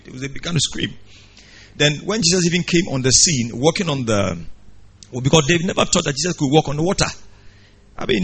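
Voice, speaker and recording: A man preaching a sermon with dramatic, rising and falling delivery. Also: husky. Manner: dramatic preaching with wide swings of pitch and loudness. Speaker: pastor.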